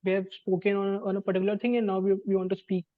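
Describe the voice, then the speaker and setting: A man from India answers a workshop question haltingly, thinking aloud. The sound is thin and boxy like a phone line, and very dry. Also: high-pitched, completely flat delivery, dry recording. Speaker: club member answering.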